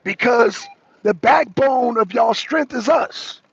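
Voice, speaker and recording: A man's voice: very high-pitched, slow pace, vocal fry, fairly bright tone, husky, no room sound, highs cut off. An American man, a talk show host, ranting profanely in a heated political monologue, raising his voice and repeating himself. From United States. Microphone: streaming microphone.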